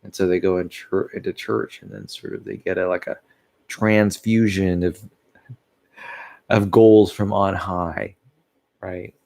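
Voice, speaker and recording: Man, very low voice, gravelly creak, sleepy and yawning, meandering casual vlog talk. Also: animated, a little slow, long pauses. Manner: meandering, loses his thread, laughs softly at himself. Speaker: vlogger. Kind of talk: casual rambling monologue.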